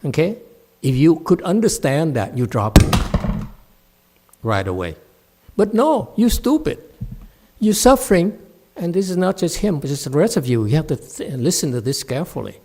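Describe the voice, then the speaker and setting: A man, a meditation master giving a dharma talk at a temple, scolding a student bluntly, shifting from low, measured speech to loud, high outbursts. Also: big pitch swings, slight background noise.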